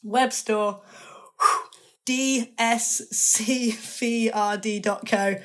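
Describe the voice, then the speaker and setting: A woman's voice: fairly high pitch, fairly even intonation, extremely slow. Chatty woman, enthusiastic. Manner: rambling, enthusiastic, self-correcting. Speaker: magazine editor guest. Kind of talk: casual interview chat.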